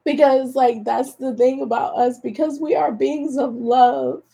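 A woman's voice: sits high, steady tone, a little slow, vocal fry, hardly any pauses, mellow. A tearful woman hosting a solo podcast, talking casually and encouraging her listeners while she cries. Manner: emotional, encouraging, addresses listeners as y'all. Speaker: podcast host.

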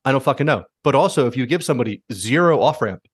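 Fast-talking, swearing male podcast host. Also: mid-range voice, expressive, slightly rough, dry recording, clean studio sound. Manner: rambling, profane, opinionated. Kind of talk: casual podcast conversation.

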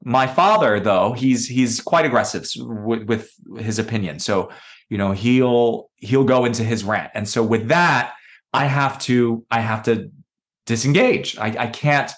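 Unhurried and medium in pitch, this male podcast guest reflects on his personal experiences in conversation. He's thoughtful and performs the voices of the people he quotes.

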